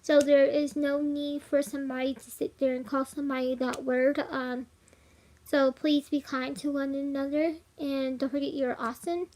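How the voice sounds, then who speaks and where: A young woman with a twang tells a spooky story straight to her audience. Her voice sits high and bright, and she rambles loosely, with plenty of "like" and little giggles. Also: little pitch movement, normal speed. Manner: rambling, filler-heavy, giggly. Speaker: vlogger. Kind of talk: casual storytelling to camera.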